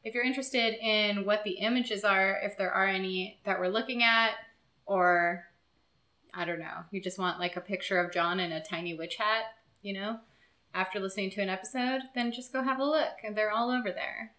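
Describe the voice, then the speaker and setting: A woman's voice: mid-range voice, pushed and bright. Giggly lady cohosting a podcast, chatty and playful, roomy echo. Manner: playful, giggly, quick to joke. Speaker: podcast co-host. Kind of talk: casual chat.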